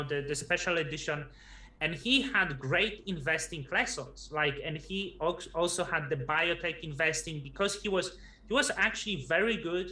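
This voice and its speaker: Halting, echoey male livestream guest. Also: on the high side, bright, forceful tone. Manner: halting, repeats words while building sentences. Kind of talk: casual livestream chat. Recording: echoey room.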